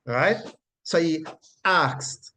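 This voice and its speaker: A man's voice: fairly high pitch, very slow, pushed and bright. A man teaching a Bible study, emphatic and repetitive, checking in with "right?" and chuckling as he explains. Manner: chuckles often while explaining.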